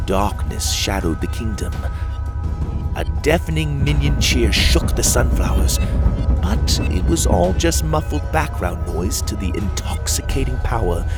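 A man narrating a children's fantasy audiobook in a measured, dramatic way. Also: fairly low pitch. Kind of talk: audiobook storytelling. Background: faint music.

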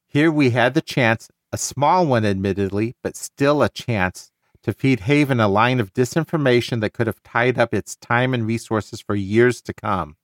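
A man's voice: mid-range voice, normal speed, dry recording, natural voice. Guy reading out a stern lady admiral, plain read, dry sound. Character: stern female naval admiral.

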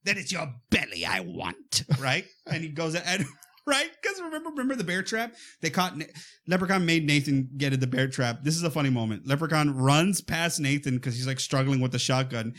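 A man chatting casually about a horror comedy, retelling scenes with lively acted-out quotes and frequent fillers. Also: on the high side, brisk. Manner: animated storytelling, acts out quotes. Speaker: podcast co-host. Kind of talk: casual movie chat.

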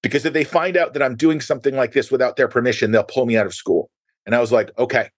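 A middle-aged man hosting a podcast, telling stories in an animated way and acting out quoted dialogue. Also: medium pitch, fast, slightly rough, no room sound. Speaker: podcast host. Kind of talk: conversational storytelling.

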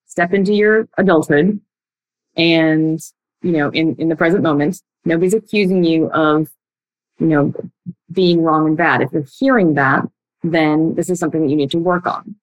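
A young woman speaks straight to her listeners as a relationship coach. Her voice sits a little low, and she is blunt and emphatic, racing through some phrases and stretching out others. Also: dull audio. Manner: blunt, emphatic, speeds up and slows down a lot. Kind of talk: direct-to-listener coaching talk.

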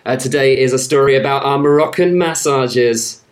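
An easygoing young man from Somerset co-hosts a travel podcast in a relaxed, chatty voice. He jokes around lightly and speaks at a medium pitch, recorded outdoors. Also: normal speed. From England, Somerset. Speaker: podcast co-host. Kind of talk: casual travel podcast chat. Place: outdoors at a seaside fort.

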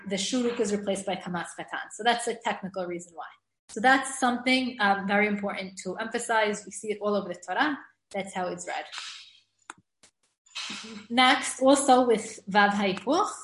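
A woman's voice: medium pitch, roomy sound, rough recording. A woman giving a lecture on Hebrew reading rules, patiently explaining and repeating words to stress the correct pronunciation. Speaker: Hebrew grammar teacher. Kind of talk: recorded lecture.

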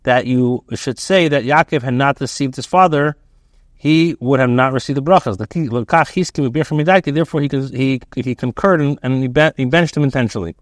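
A man teaching as a rabbi, a text aloud and translating it line by line in a halting way, with many restarts and fillers. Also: medium pitch, dry recording, studio quality.

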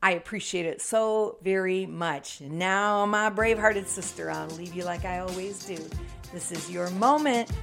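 A woman hosts a Christian motivational podcast and talks to her listeners with the push of a preacher. Her voice sits fairly low, and it often drops into a gravelly fry. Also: a little slow, music in the background. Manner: emphatic, preacher-like delivery. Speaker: podcast host.

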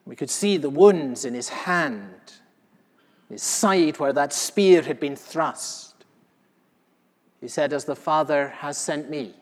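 A pastor playing an aged apostle, solemn, in a reverberant hall. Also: male voice, medium pitch, close to an everyday voice. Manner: earnest storyteller, swings from hushed to loud. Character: the elderly apostle John, solemn eyewitness. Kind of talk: first-person dramatic sermon monologue. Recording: long reverb of a large hall.

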